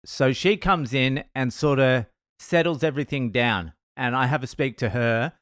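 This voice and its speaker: A man's voice: mid-range voice, normal speed, a bit bright, no echo, clean studio sound. A man with an Australian accent, a comedian telling a crude, laid-back story. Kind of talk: storytelling podcast.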